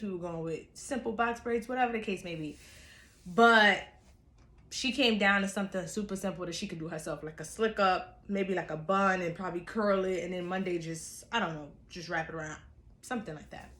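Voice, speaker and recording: A young woman vlogger from New York, telling a storytime in a chatty, animated way with casual slang. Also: medium pitch, reverberant.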